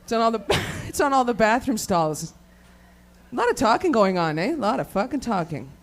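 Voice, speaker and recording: A woman's voice: a little high, sing-song, normal speed. A woman works through a crude stand-up set, cursing nearly every line. She rambles off track and breaks into laughter at her own jokes. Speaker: stand-up comedian. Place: comedy show venue with live audience.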